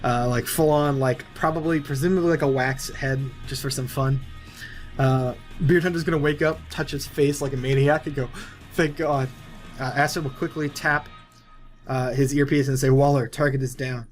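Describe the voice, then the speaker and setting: With faint music in the background, a young man steadily describes a movie plot he came up with, speaking at normal speed in a medium pitch. As a movie video creator, he keeps it casual and rambling, leaning heavily on fillers.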